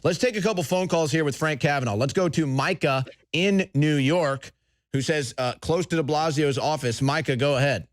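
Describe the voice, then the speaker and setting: A man hosting a talk show, ranting angrily, shouting at times and mocking his opponents. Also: a little high, normal speed. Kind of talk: heated political talk radio rant.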